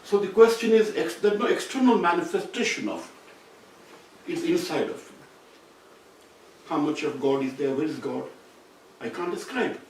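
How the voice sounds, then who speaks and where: Guy giving a seminar talk, kinda high voice, picked up from far off in a super echoey room. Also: very animated, normal speed, pauses often, slight background noise. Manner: explanatory, circling back to rephrase points. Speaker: seminar speaker. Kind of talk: academic lecture. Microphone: distant room mic.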